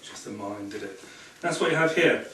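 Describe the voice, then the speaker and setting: A man's voice: lowish voice, expressive, moderate pace, fairly bright tone. A man reading tarot cards for a small audience in a chatty, rambling way, often laughing at his own stories. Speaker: tarot reader. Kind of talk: casual talk to a small audience. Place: room at a public talk. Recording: echoey room, far from the mic, noisy.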